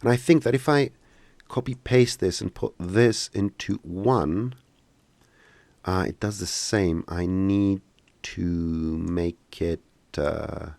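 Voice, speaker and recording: Low gravelly man. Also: takes it slowly, a little mellow, dry recording. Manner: casual, joking, hesitant with many fillers. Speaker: software instructor. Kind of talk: live-streamed tutorial Q&A.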